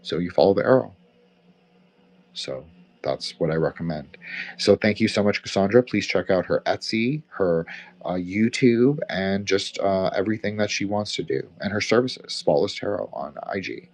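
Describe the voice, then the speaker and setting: A man with a low, expressive voice and a slight Quebecois accent speaks at normal speed. He hosts a live audio chat, giving casual closing remarks in a rambling, profane way with many fillers.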